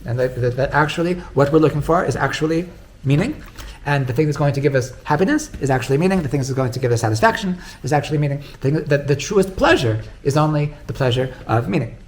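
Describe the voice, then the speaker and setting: A man's voice: on the high side, animated, fast talker, hardly any pauses, a little hiss or hum. A man, a rabbi, giving an informal Torah class in a conversational way. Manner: conversational, retells stories with quoted dialogue.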